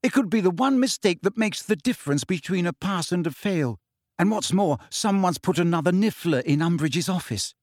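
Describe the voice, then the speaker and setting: A man's voice: high-pitched, expressive, normal speed, darkish tone, no echo, studio quality, voice pushed up. A man voicing a clever, bad-tempered teenage schoolgirl in an audiobook, snappish and clipped. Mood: irritated. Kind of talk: audiobook character voice.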